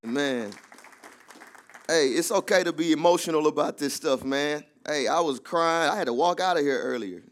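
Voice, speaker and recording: A man's voice: a little high, moderate pace, a faint crowd. A man preaching a sermon in an emphatic, conversational style. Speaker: pastor.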